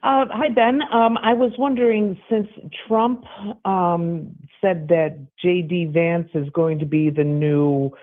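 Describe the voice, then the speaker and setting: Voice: medium pitch, slow. A caller on a phone line asking questions hesitantly, with lots of fillers. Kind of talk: phone-in call.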